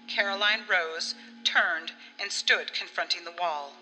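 A woman narrating an audiobook story in an expressive way, acting out the dialogue. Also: on the low side, unhurried, husky. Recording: long reverb with faint music.

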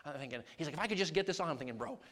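A man preaching as a traveling evangelist, telling a personal story and acting out the dialogue with lively energy. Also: a little high, racing. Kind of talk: storytelling sermon.

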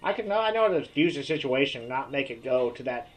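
A man's voice: medium pitch, expressive, fast, low-quality recording. A man co-hosting a podcast in casual chat, rambling and repeating himself. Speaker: podcast co-host.

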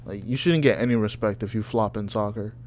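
A man's voice: on the low side, fairly quick, a little mellow, slight background noise. A man co-hosting a casual podcast chat, loose and profane, joking and reacting with disbelief. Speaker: podcast co-host.

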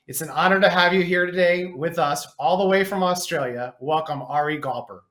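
A man's voice: on the high side, a little fast, a bit bright, reverberant. A man hosting an interview podcast, introducing his guest earnestly with some fillers. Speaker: podcast host.

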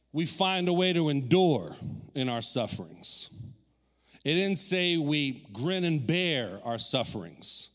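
A man preaching a sermon as pastor, animated, acting out quoted voices and dropping low and quiet for inner thoughts. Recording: long hall reverb.

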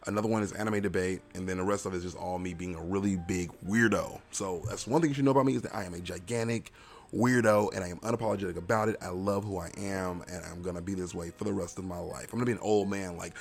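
A man's voice: low-pitched, steady tone, quick pace, vocal fry. A young man hosting a casual solo podcast. He talks in a rambling, self-mocking and playful way. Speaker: podcast host.

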